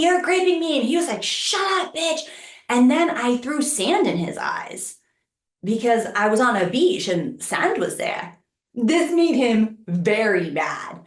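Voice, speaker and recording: A woman co-hosting a podcast, telling a personal story with animated, lively quoted voices. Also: fairly high pitch, roomy sound. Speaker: podcast co-host.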